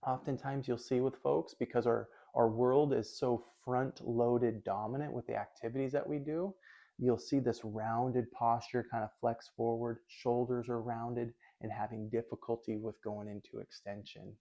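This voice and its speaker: A man explaining his work as a physical therapist in a calm, methodical lesson, thinking aloud as he goes. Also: medium pitch, normal speed, vocal fry, muffled recording.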